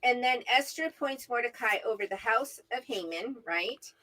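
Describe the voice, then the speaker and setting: A middle-aged woman co-hosts a casual Bible discussion, telling the story in a high, bright voice. Her pitch swings widely as she animates each scene. She keeps checking in with "right?" as she goes. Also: lively intonation, moderate pace, rough recording. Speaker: co-host, mother of the other host. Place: at home, remote from her co-host.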